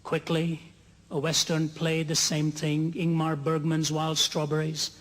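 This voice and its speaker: A man preaching a sermon to a large gathering, telling stories earnestly and slowing down to stress key lines. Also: fairly high pitch, monotone, fairly bright tone. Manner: earnest storytelling, slows for emphasis, builds to soaring climax. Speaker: evangelist preacher. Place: large conference hall. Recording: long hall reverb.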